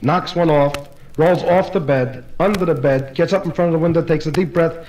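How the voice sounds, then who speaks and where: High-voiced man telling stand-up jokes. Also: lo-fi sound, a little hiss or hum. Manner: rapid run-on storytelling with "he says, she says". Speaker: stand-up comedian. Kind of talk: live stand-up joke telling. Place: live party performance.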